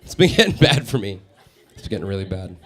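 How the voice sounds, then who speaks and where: A man doing a stand-up set in a radio station's live studio, animated and laughing at his own jokes. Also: deep voice, a little fast. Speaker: stand-up comedian.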